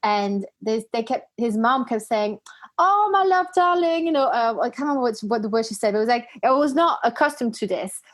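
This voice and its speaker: A woman whose first language is not English, hosting a podcast and telling stories in a chatty, animated way. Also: fairly high pitch, a little fast, few pauses. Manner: chatty, animated storytelling with frequent restarts. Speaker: podcast host. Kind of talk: casual conversational interview.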